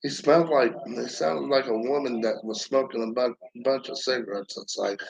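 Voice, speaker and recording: A man giving a rambling stand-up comedy monologue, halting and profane, with lots of fillers and restarts. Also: mid-range voice, steady tone, vocal fry, rough recording. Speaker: amateur comedian.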